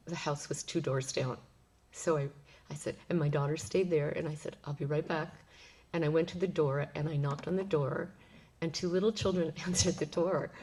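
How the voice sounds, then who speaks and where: A middle-aged woman pastor giving a sermon, telling a personal story in a gentle, reflective way with soft laughs and restarts. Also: on the low side, breathy edge.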